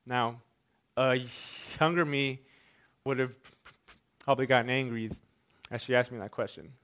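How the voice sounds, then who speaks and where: A man in his twenties telling his own story in a speech, with a stutter that repeats sounds and words, and measured, deliberate pauses. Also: mid-range voice, fairly even intonation, fairly bright tone. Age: 20s. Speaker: speaker sharing his story.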